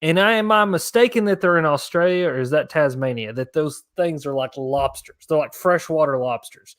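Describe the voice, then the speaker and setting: A man's voice: on the high side, normal speed, fairly bright tone, no room sound, studio quality. A young man hosting a casual fishing livestream and answering viewer questions in a laid-back, rambling way. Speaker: fishing channel host.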